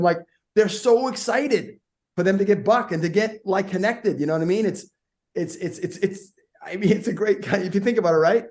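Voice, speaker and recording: A middle-aged man talks with real energy, telling stories in a podcast conversation and slipping into the voices of the people in them. His voice sits a little high and swings up and down. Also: animated, brisk, a little mellow. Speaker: guest speaker. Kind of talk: animated storytelling in a podcast conversation.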